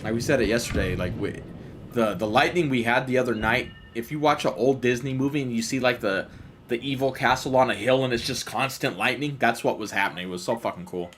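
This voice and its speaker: A man's voice: medium pitch, brisk, a bit bright, slight background noise. A man streaming a game live, telling a story in casual, profane chat and laughing as he goes.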